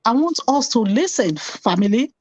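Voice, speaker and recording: A woman's voice: fairly high pitch, very animated, normal speed, muffled recording. A middle-aged woman telling a painful personal story earnestly, repeating phrases for emphasis. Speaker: guest telling her story.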